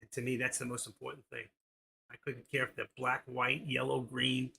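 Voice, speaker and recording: A man's voice: mid-range voice, level tone, normal speed, gravelly, sharp tone, slight background noise. A middle-aged man hosting a live stream, chatting casually and telling jokes in a rambling way, laughing at his own punchlines.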